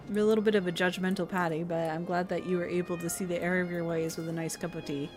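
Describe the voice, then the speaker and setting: A woman's voice: on the low side, level tone, quick pace, hardly any pauses. Young woman streamer, casual joking asides, sarcastic, faint music behind. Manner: jokey, sarcastic asides, laughing. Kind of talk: casual let's-play commentary.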